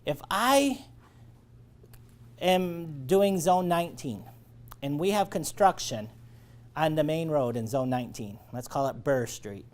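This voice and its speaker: A man's voice: on the high side, lively intonation, takes it slowly, pauses often. A man leading a sales training lecture, coaching and checking in often with his listeners. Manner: coaching, checks in with "all right?".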